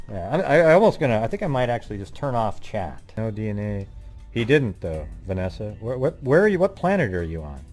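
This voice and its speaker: A man's voice: mid-range voice, warm tone. A man hosting a livestream in rambling casual chat, irritably scolding his chat and losing his train of thought. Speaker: livestream host.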